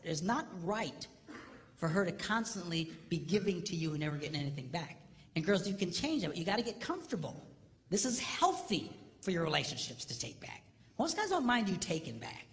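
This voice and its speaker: An older man giving a humorous live marriage seminar in a large hall. He is animated, swings between loud and hushed, and acts out other people's voices. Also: on the high side, creaky. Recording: long hall reverb, faint background noise.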